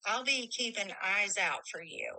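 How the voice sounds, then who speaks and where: Slow, bright, blunt-talking woman. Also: mid-range voice, lively intonation, no echo, low-quality recording. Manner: blunt, storytelling with quoted dialogue. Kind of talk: casual conversation.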